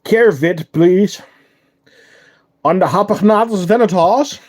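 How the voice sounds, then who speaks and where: A man's voice: high voice, slow, a little mellow. A man with a Dutch accent, chatting casually with live-stream viewers while showing his ant colonies, with frequent ums. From Netherlands.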